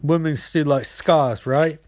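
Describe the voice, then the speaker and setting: A man voicing a badly wounded young man who sounds weak and raspy. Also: on the high side, steady tone, slow, a little mellow. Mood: weak, hurt.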